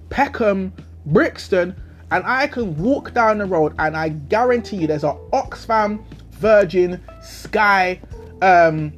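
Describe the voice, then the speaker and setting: Young London man, podcast host, slangy and worked-up, voice swinging up and down, faint music underneath. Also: high-pitched. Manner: animated, indignant, heavy slang, rhetorical questions. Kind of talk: solo storytelling rant.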